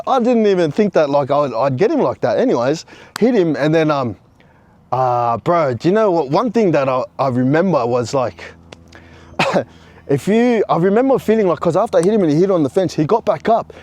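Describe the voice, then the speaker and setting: A man's voice: on the high side, big pitch swings, moderate pace, a little mellow. A man casually recounting a personal story, with frequent restarts and plenty of "bro" and "you know". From Australia.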